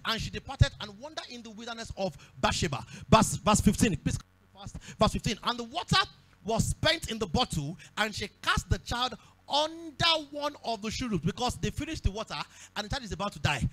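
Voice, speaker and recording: A man with a Nigerian accent preaching a sermon at a church service, repeating phrases and breaking into shouts. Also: extremely high pitch. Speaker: pastor.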